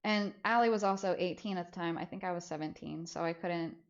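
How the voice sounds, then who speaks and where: A young woman streamer casually telling a story, animated and swearing freely, acting out the voices of people she quotes. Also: on the low side, fairly quick. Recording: slightly dull lo-fi audio.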